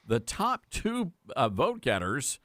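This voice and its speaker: A man's voice: medium pitch, wildly swooping pitch, slow, a bit bright, no echo. A man hosting a talk radio show, with a folksy, sarcastic way of talking. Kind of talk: conservative talk radio commentary.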